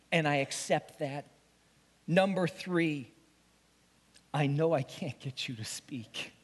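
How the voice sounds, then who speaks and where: A male pastor delivering a dramatic first-person sermon monologue, emotional and swinging from pleading to hushed whispers. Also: on the high side. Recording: long reverb of a large hall.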